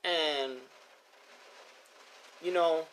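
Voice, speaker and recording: A middle-aged man with a high voice chats loosely on a live stream. He rambles, repeats his words and talks straight to his viewers. The sound comes off a phone or computer mic. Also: steady tone, extremely slow, fairly bright tone, slight background noise. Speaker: host of a pigeon racing show. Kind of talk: casual live-stream chat.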